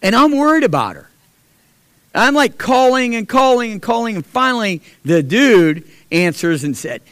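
A middle-aged man telling a personal testimony to a church, animated, acting out the voices in his story and swinging from loud to hushed. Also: high voice, normal speed, clean tone, dry recording. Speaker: church speaker sharing a testimony.

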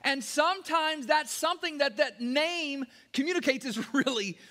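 A man preaching a sermon to his church in a folksy, energetic way. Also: very high voice, moderate pace. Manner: folksy, energetic preaching, acts out quoted lines. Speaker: pastor. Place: church sanctuary.

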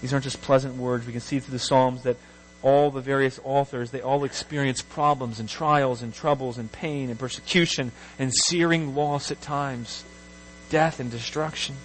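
A man preaching a sermon as pastor, reading scripture aloud with rising emphasis and an expressive delivery. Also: mid-range voice, normal speed, a little hiss or hum, low-quality recording.

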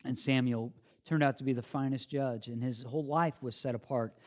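A man's voice: mid-range voice, fairly even intonation, moderate pace, a little mellow. A man preaching a sermon, earnest and emphatic, often restarting phrases as he quotes and explains scripture.

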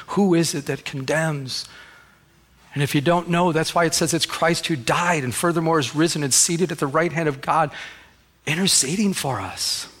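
A man's voice: mid-range voice, a bit bright. A man preaching a sermon as pastor in a church, emphatic and exhorting.

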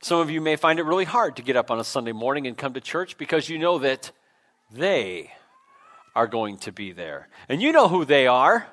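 Male pastor, mid-pitched, informal self-deprecating sermon delivery in a church. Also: sing-song, normal speed, a bit bright. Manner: conversational, self-deprecating, with frequent fillers and restarts. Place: church sanctuary.

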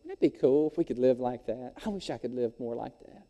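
Folksy preacher, mellow. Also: male voice, mid-range voice, fast, in a large hall. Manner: folksy, animated storytelling. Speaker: pastor. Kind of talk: sermon. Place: church sanctuary.

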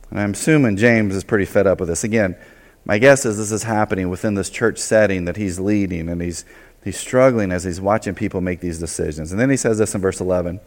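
A man preaching a sermon as pastor, in a loose, conversational way, acting out quick asides. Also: on the low side, in a large hall. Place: church sanctuary.

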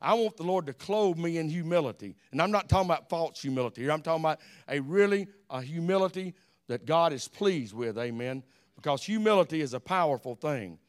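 An older man with a Southern Alabama accent preaches a folksy sermon, telling stories with animation and repeatedly dropping amens. His voice is a little high and his delivery brisk.

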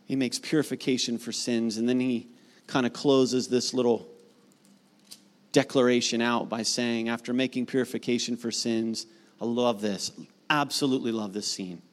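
A middle-aged man preaching a sermon as pastor, conversational and animated, building to emphatic repeated lines. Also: mid-range voice, moderate pace. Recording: long hall reverb.

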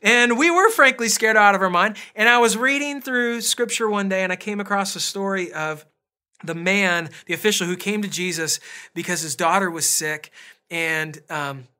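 Bright-voiced man giving a chatty sermon. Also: high voice, moderate pace, clean tone. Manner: chatty and self-deprecating, with storytelling asides. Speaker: pastor. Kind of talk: casual conversational sermon.

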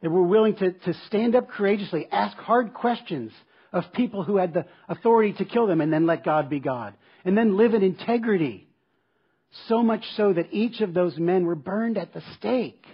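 A man's voice: high-pitched, animated, moderate pace, breathy edge, lo-fi sound. A man preaching a sermon as pastor, telling a personal story in an earnest, emphatic way and returning to a repeated refrain. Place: church service.

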